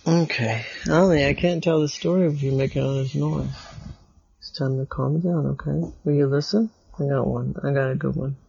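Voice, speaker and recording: A father making up a bedtime story for his children, in a casual, gently coaxing way, at home in a bedroom. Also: on the high side, fairly even intonation, moderate pace, gravelly, slightly rough, muffled recording.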